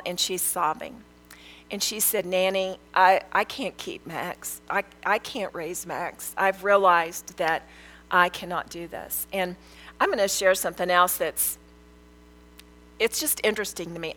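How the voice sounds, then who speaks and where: A woman's voice: mid-range voice, fairly bright tone, low-quality recording. An older woman, a grandmother, giving an earnest, emphatic testimony, repeating phrases for weight. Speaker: speaker sharing a testimony. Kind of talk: testimony sermon.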